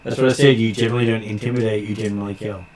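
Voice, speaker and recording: A man with a somewhat low voice runs a tabletop game as its game master. He talks haltingly, filling gaps with drawn-out pauses. His voice rings around an echoey room over a faint background hiss. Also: fairly even intonation, darkish tone. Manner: halting, many filler pauses.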